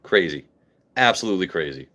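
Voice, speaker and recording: A man's voice: deep voice, animated, fairly quick, sharp tone. A man in his late thirties from Maryland, casually chatting and joking with viewers on a phone live stream, loose and profane. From Maryland, USA. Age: 30s.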